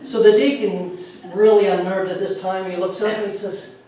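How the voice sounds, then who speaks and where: A woman telling humorous stories in a lively way, recorded from far off in an echoey room with faint noise. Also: mid-range voice, moderate pace. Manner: lively, chuckles at her own punchlines. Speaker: storyteller.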